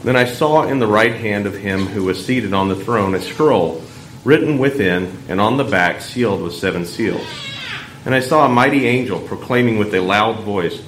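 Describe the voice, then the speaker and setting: Man, lector reading scripture in a solemn, measured voice; lowish pitch, roomy church echo, faint hum. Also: a bit bright. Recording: echoey church room, faint background hum.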